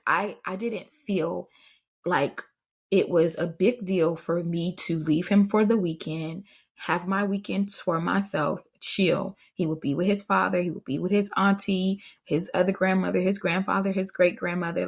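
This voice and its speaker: A woman's voice: lowish voice, steady tone, normal speed, creaky, husky. A woman hosting a parenting podcast, telling stories in a chatty way and talking straight to her listeners. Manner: chatty storytelling, addresses listeners directly. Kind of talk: casual advice chat.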